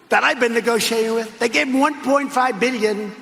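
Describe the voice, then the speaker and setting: A man's voice: very high-pitched, a little fast, gravelly, fairly bright tone. Older man's rambling rally speech, echoey hall. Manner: rambling, repetitive, mocking asides. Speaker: politician giving a rally speech. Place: large arena or hall. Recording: echoey arena rally clip with faint noise.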